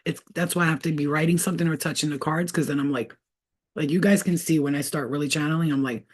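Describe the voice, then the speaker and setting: A middle-aged woman giving a casual tarot reading, talking in an expressive, slangy way and laughing often. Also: sits low, fast, husky. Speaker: tarot reader. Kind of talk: casual spiritual reading chat.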